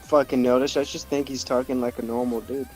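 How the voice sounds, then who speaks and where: A man's voice: mid-range voice, little pitch movement, a little fast, over music, poor audio. Man making dry, wry remarks. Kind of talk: casual chat among friends.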